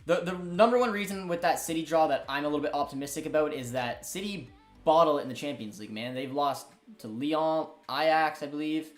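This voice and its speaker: A man's voice: on the high side, brisk, faint music behind. A young man hosting a live football watchalong, reacting to the game and reading chat with lots of fillers. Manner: excitable, chatty, frequent fillers. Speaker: host of a football watchalong stream.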